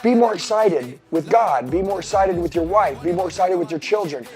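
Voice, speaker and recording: A man giving a motivational seminar talk to a mastermind group, intense and profane, swinging between shouting and hushed asides. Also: high-pitched, expressive, moderate pace, soft background music. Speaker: sales coach addressing a mastermind group. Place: seminar room.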